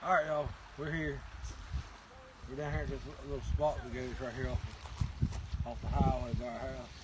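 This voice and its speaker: A man's voice: medium pitch, little pitch movement, normal speed. A man with a Southern US country accent hosting a fishing vlog, chatting casually to viewers in a rambling, folksy way outdoors. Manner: rambling, folksy, chuckling asides. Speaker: fishing channel host. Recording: loud outdoor vehicle and wind noise.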